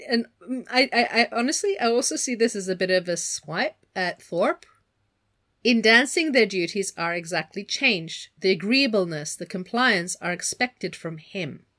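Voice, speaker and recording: Woman, podcast co-host, loose talky book chat, mid-range voice, lively. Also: medium pitch, normal speed. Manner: chatty, animated, laughs often, slips into put-on accents. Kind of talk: casual book discussion.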